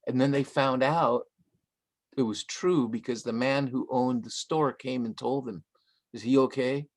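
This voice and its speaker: Older guy from socal chatting in a live interview, easygoing storyteller, mixes in spanish words, mid-pitched voice, laughs here and there. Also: a little slow. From Southern California. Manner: relaxed storytelling that drops Spanish phrases into English. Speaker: guest author.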